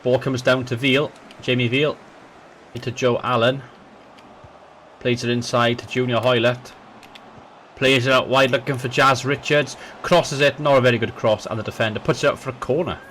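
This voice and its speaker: There's slight background noise as this man, a gaming channel host, narrates a football match commentator-style during a let's play. His voice is mid-range and moderately paced, he talks to viewers directly and chattily, and he gets excited, voice jumping up on goals.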